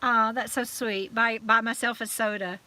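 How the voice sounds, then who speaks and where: A woman hosting a live stream chat, warmly thanking viewers by name and trailing off with fillers as she signs off, still a little emotional from crying. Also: on the high side, fairly even intonation, normal speed. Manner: chatty and affectionate, reading out viewer comments with many fillers.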